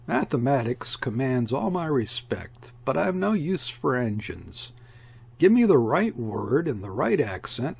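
A man narrates an audiobook with an unhurried, deliberate pace, letting each phrase linger. His voice carries a gravelly fry and a husky, slightly breathy edge, and his reading stays measured and reflective throughout. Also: mid-range voice, a little mellow. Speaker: audiobook reader. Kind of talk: audiobook narration of a literary memoir.

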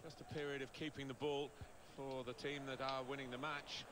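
A man voicing a video game's football play-by-play commentator, calm and measured. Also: mid-range voice, noisy background, close to an everyday voice. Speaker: in-game match commentator.

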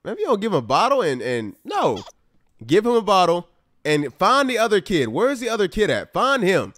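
A man's voice: sits high, normal speed, no echo. A man doing casual let's-play commentary on a life-simulation game, exasperated and talking straight to his viewers. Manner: animated, exasperated, talks to viewers as y'all. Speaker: gaming YouTuber.

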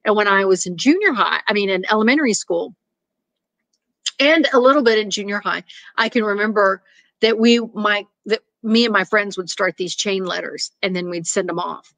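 Expressive woman reading a story aloud. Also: medium pitch, moderate pace, dry recording. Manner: animated, laughs at the story. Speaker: reader.

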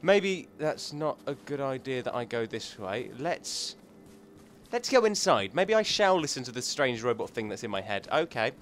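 A man's voice: mid-range voice, very animated, normal speed, fairly bright tone, slight background noise. Chatty man commentating on gameplay. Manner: chatty, joking, thinks aloud. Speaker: gaming channel host.

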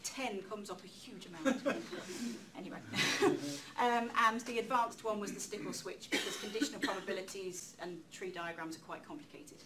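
A woman giving a public talk in a lecture room, lively and chatty, with self-deprecating asides. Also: medium pitch, moderate pace, a crowd in the background. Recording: distant mic with faint room noise.

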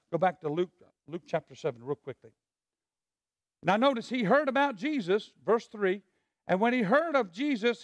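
High-voiced pastor leading a call-and-response sermon. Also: male voice, no room sound. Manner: preacher who prompts the congregation to repeat lines; drops to a hushed voice on asides, rises on scripture. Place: church sanctuary.

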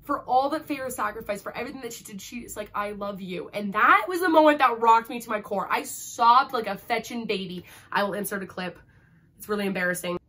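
A woman's voice: a little high, fairly quick, fairly bright tone. A young woman reviewing a book in a casual vlog, gushing and emotional, and peppering her talk with "like". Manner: gushing, emotional, heavy use of "like".

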